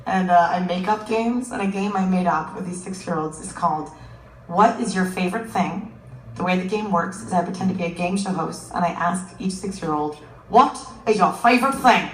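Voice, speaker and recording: A woman's voice: on the low side, a little fast, far from the mic. A young adult woman doing a stand-up comedy set, telling stories animatedly and putting on the voices of kids and friends. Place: comedy venue with audience. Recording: echoey live venue, crowd noise.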